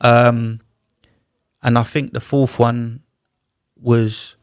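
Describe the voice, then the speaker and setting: A man's voice: mid-range voice, drawn-out words, smooth, dry recording, clean studio sound. A man, a podcast guest telling a personal story in a casual, slang-heavy way and acting out the other people's lines. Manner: animated, slangy retelling with acted-out dialogue. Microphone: studio podcast mic.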